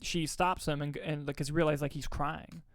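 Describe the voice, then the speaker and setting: Guy on a podcast gushing about a movie, kinda high voice, cursing a lot, dry close mic. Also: moderate pace, no echo. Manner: excited, swears often, retells scenes with acted quotes. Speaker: podcast co-host, movie reviewer. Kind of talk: casual movie review chat.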